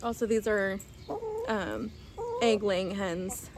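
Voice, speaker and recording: A woman chatting casually while she walks through her backyard garden and chicken coop. She rambles, laughs often, and coos softly to her hen. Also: mid-range voice, extremely slow, gravelly, pauses often, noisy background. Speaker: vlogger giving a garden tour. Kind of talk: casual chat.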